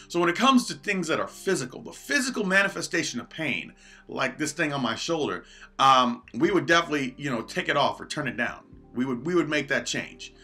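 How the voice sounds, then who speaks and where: Bright-voiced man giving a pep talk. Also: medium pitch. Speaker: motivational speaker. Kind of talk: motivational livestream talk.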